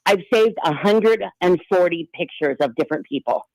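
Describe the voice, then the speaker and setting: A woman's voice: lowish voice, lively intonation, normal speed, darkish tone, poor audio. A woman calling in to a talk show, chatting in a rambling way with many restarts and fillers. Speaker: caller. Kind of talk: call-in radio chat.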